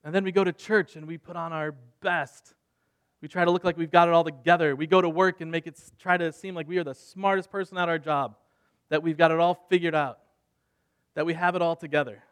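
A man preaching a sermon in an earnest way, moving between soft, quiet passages and louder emphatic ones. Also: fairly high pitch, fairly even intonation, brisk, smooth. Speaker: pastor.

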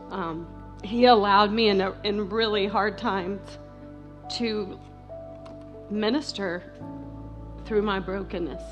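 Middle-aged woman, heartfelt halting testimony, mid pitch, soft music underneath. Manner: heartfelt, halting, many fillers and restarts. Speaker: speaker sharing testimony at a church. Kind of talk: emotional personal testimony.

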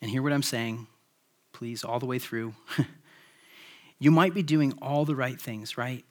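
A man's voice: medium pitch, measured pace. A man preaching a sermon in a casual, conversational way, with frequent "like" and "right?" tag questions. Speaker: pastor.

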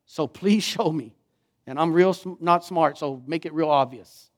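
A middle-aged man, preaching a sermon, telling a story and swinging from hushed to fervent. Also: a little high, a little slow. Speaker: pastor.

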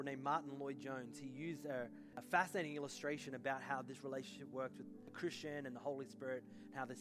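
A man in his thirties preaching a sermon as pastor, animated and rising to fervent peaks. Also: a little high.

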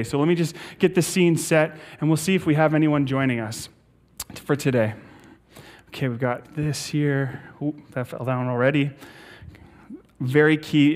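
A man preaching a sermon as a pastor, upbeat and playful, laughing easily as he leads the talk. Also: mid-range voice.

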